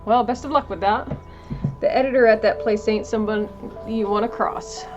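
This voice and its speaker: A woman's voice: mid-range voice, steady tone, moderate pace, lo-fi sound, music in the background, lightly acted. A woman voicing a folksy, overly courteous frontier town greeter who speaks with genteel, flowery politeness.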